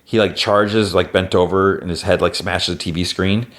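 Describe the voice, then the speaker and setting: A very low-pitched man talks through a cartoon episode on his podcast, scene by scene, in a loose, chatty way. He leans on "like" constantly and lifts into a higher, playful tone for quoted lines. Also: fairly even intonation, normal speed, fairly bright tone. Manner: retells plot with constant "like" fillers. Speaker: podcast host. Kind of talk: casual episode recap.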